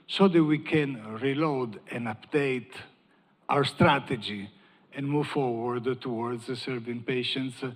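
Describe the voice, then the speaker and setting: A man from Italy with an Italian accent, opening a conference panel as moderator in an upbeat, joking, self-deprecating way. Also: medium pitch. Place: large conference hall. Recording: long hall reverb.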